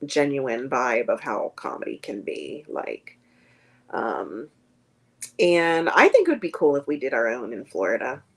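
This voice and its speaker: A woman's voice: a bass voice, big pitch swings, measured pace, slightly rough. A woman comedian chatting as a guest on a streamed video call, rambling with many fillers. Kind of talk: casual interview chat.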